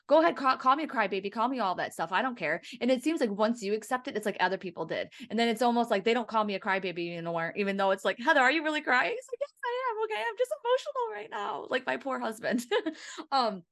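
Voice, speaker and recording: Chatty, laughing woman podcast host. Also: fairly high pitch. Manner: chatty, laughs often, animated asides. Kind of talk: casual chat.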